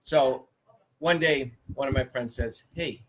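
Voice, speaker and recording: A man guest telling a family anecdote in relaxed, casual chat. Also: mid-range voice, unhurried, slight background noise. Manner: relaxed storyteller.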